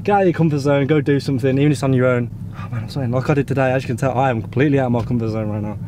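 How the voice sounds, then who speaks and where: Excitable british guy vlogging outdoors. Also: mid-range voice, very fast. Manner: excitable, chatty, exclaiming often. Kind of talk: casual vlog chat. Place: outdoors at dirt jumps. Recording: outdoor noise, nearby traffic.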